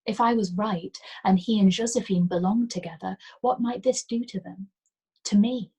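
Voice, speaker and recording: Soft-voiced woman reading a novel aloud. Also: medium pitch, normal speed, slightly rough, rough recording. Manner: soft, gentle reading with hushed whispered lines. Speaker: storyteller.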